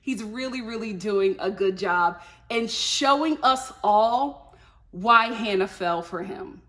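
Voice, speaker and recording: A woman vlogger chatting casually about a reality show, animated and laughing, slipping into playful mock voices. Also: mid-range voice, slow pace. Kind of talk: casual review chat.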